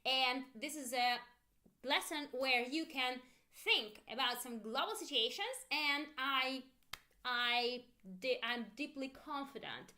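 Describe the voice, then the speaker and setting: A woman with Russian as her first language, teaching an online English grammar lesson and repeating phrases slowly for students to echo. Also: sits high, sharp tone.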